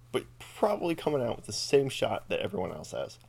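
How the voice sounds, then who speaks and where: A man's voice: medium pitch, animated, fast talker, vocal fry, hardly any pauses, a little mellow. A man hosting a podcast, rambling through a casual comedic rant full of swearing and self-amused asides. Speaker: podcast host.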